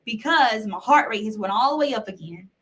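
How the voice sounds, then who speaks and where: A woman's voice: a little high, expressive, a little fast, a bit bright. A woman guest on a podcast, recounting a personal story in earnest detail and acting out what others said. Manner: earnest storytelling, acts out quoted voices.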